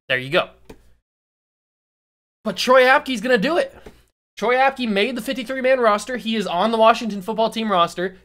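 Animated young man teasing his viewers. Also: high-pitched. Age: early 20s. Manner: animated, teasing, slows down to stress key words. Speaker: YouTube host. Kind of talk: casual sports commentary monologue.

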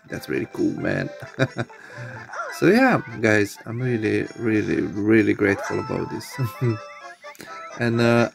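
A man's voice: on the low side, vocal fry. A man hosting his own channel, rambling and laughing often through casual gameplay commentary. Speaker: channel host.

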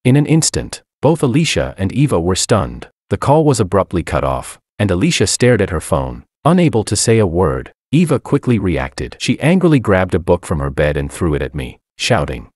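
Deep-voiced man narrating a story. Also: huge pitch swings, normal speed, few pauses, a little mellow, dry recording, studio quality. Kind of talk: scripted first-person story narration.

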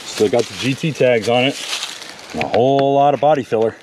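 Strolling through a wooded salvage yard, a man who presents for a car magazine chats with viewers and addresses the old cars directly. He speaks at medium pitch and a little fast, and there's noise in the background.

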